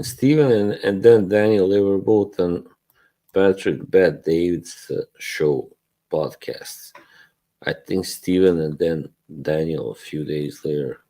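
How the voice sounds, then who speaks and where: A man with a very low, dark voice hosts a relaxed live stream. He talks slowly, rambles, chuckles often and lets his sentences trail off.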